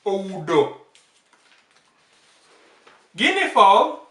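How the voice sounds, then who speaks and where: A man teaching bird names, saying each word slowly and repeating it several times. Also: high-pitched, lively intonation, pushed and bright. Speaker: language teacher. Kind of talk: slow vocabulary lesson, repeating each word. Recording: echoey room, off-mic.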